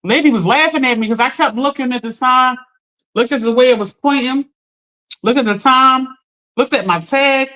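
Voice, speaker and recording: A woman hosting a live stream, telling a story in an animated, chatty way, talking straight to her viewers and laughing often. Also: high voice, normal speed. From Philadelphia. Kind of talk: casual storytelling to a live audience.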